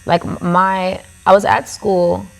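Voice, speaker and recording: A woman's voice: mid-range voice, little pitch movement, slow pace, vocal fry. A woman guest on a podcast, telling a story in a casual, chatty way and leaning on "like" as filler. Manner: chatty, filler-heavy with frequent "like". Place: tattoo studio podcast set.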